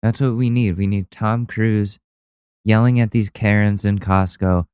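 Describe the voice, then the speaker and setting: A man's voice: on the low side, steady tone, unhurried, darkish tone, clean tone, dry recording. A podcast host, a man, casually reacting to viral videos with loose, profane, laughing commentary.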